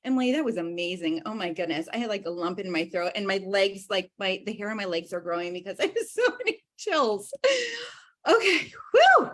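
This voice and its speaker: A woman in her thirties hosting a livestream, gushing and excitable as she talks to her viewers. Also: mid-range voice, quick pace, few pauses. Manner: gushing, excitable, addresses viewers as you guys. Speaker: host.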